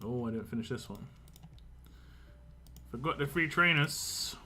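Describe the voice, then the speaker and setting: Bright-voiced man chatting on stream. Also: mid-range voice, lively intonation, a little slow, soft background music. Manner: rambling, chatty, laughs a lot. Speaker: game streamer. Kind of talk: casual live-stream chat.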